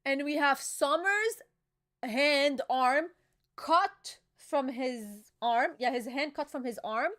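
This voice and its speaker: A young woman hosting a casual live reaction chat, talking excitedly and emotionally with slang and lots of fillers. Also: high-pitched, slow pace. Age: young adult. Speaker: channel host reacting to a manga chapter.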